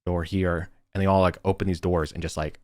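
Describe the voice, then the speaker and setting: Man as game master, very deep voice, rambling and casual, dry close sound. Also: level tone, a little fast, a little mellow, no room sound. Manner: rambling, self-correcting, casual. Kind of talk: narrating a tabletop game over voice chat. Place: home, online voice call.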